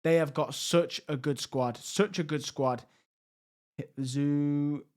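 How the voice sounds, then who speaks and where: Man, gaming commentary, high-pitched, excitable, loud outbursts. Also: slow. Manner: excitable, shifting between hushed tension and loud outbursts. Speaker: gaming YouTuber. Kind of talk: live game commentary.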